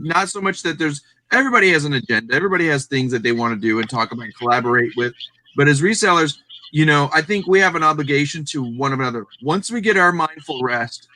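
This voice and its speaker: A man's voice: on the high side, sharp tone, no room sound. A man chatting earnestly on a live stream, rambling with many fillers. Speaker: guest reseller. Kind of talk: casual live-stream chat.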